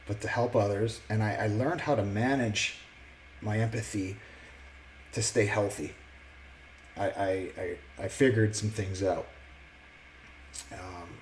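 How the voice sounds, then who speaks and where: Vlogger, male, lower register; earnest, reflective testimony, stop-start phrasing; faint background hiss. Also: poor audio. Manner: halting, with many restarts and fillers. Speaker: vlogger sharing his testimony. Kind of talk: casual personal testimony.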